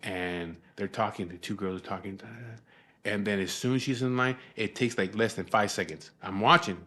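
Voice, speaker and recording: A man's voice: lowish voice, normal speed, pushed and bright. A man telling a long story in a casual, rambling way, swearing often and sounding exasperated.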